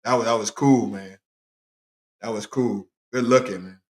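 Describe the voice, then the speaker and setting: Excitable sports-talk host, roomy echo. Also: male voice, on the low side, normal speed. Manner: animated, talks to chat viewers by name. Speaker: podcast host. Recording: roomy echoey room.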